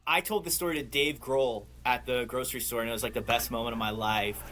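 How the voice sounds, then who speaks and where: Excitable man telling a bright story. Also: medium pitch. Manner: animated, excitable, quick asides, laughs often. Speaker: podcast guest, clothing brand owner. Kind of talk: casual storytelling chat.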